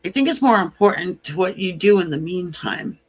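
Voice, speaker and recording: A woman's voice: on the low side, animated, moderate pace, husky. A woman giving a live-streamed tarot reading, chatty and frank, often laughing between points. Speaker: tarot reader. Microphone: computer mic on a live stream.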